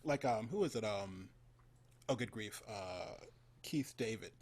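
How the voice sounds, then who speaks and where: A man's voice: on the low side, expressive, a little slow, darkish tone. A man interviewing a guest, an enthusiastic fan who chuckles often. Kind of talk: online interview.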